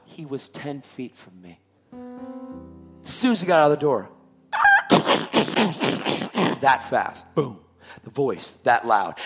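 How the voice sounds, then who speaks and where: A man's voice: mid-range voice, a bit bright. A man telling his personal testimony in an emphatic way, repeating his phrases for weight. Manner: emphatic, repetitive storytelling. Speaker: testimony speaker.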